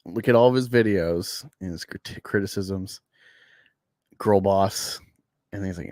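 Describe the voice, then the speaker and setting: A man's voice: fairly low pitch, slow, long pauses, no echo, clean studio sound. A man hosting a casual reaction chat, laughing and scornful as he rambles about a comic. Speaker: host.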